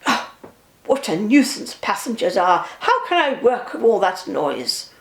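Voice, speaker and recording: A woman voicing a stern older male railway boss, brisk and firm with a kindly side. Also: medium pitch, very animated, creaky, reverberant.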